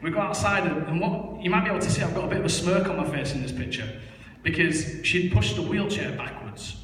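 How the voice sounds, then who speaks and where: Speaking fairly quickly in a fairly high, fairly bright voice, a young church member shares his testimony in a big church hall. He's candid and self-mocking, leaning on lots of fillers. The recording has a little hiss or hum, heavy echo, and places him at a distance.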